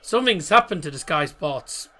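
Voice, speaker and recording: A man's voice: fairly high pitch, animated, moderate pace, pushed and bright. A man hosting a live football watchalong stream, chatting casually in a rambling way and cracking corny jokes at his own expense. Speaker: football watchalong livestream host. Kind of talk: casual live match chat.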